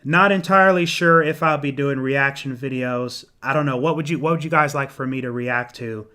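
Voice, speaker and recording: A young man casually answering viewer comments on a live stream, rambling with ums and restarts, clearing his throat and losing his voice. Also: mid-range voice, normal speed, sharp tone. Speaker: menswear YouTuber hosting a live Q&A.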